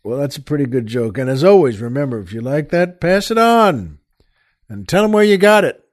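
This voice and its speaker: A man's voice: on the high side, animated, fairly quick. A male host telling a joke in a folksy, rambling way with many fillers.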